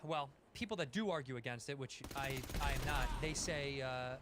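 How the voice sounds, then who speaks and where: A man's voice: mid-range voice, moderate pace, very noisy. A man co-hosting a podcast, bantering and ranting in a blustery, mock-argumentative way. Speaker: podcast co-host. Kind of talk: casual comedic banter.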